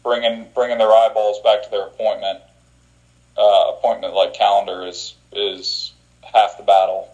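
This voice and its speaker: Man, low voice, relaxed, giving advice, dull lo-fi call audio. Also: moderate pace. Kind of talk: casual group call.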